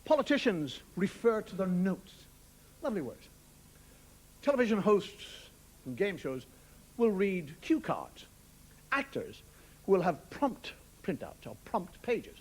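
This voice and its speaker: A man's voice: sits high, sing-song, slow, long pauses, slightly rough. An Irish man doing a stand-up routine on television, musing wryly and swearing casually as he talks. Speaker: stand-up comedian. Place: television studio with live audience. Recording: broadcast audio with audience laughter and noise. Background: audience laughter.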